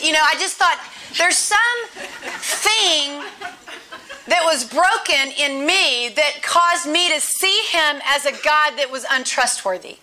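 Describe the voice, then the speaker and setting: A woman's voice: high-pitched, lively intonation, slow, bright, forceful tone, a little hiss or hum. A woman giving a conversational sermon as a Bible teacher, emphatic, repeating key phrases and adding chatty asides.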